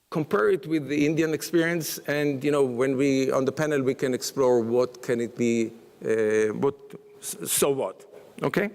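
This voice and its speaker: A man speaks at a conference panel, his voice sitting a little high. He hesitates often, restarting phrases around fillers. The sound rings with the long reverb of a large hall. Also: a little mellow. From Israel. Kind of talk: conference talk.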